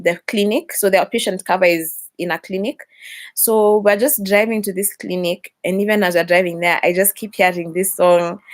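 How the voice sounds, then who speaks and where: A young woman, chatting and confiding as she tells a personal story, acting out the dialogue. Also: mid-range voice. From Kenya. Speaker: vlogger.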